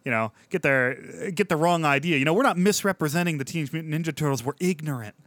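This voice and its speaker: A man co-hosting a comedy podcast, wandering through his points with constant filler words. His voice sits a bit high and sounds dry and close to the mic. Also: fast, a bit bright, dry recording. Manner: rambling, heavy with filler words. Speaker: podcast co-host. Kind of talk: casual comic banter.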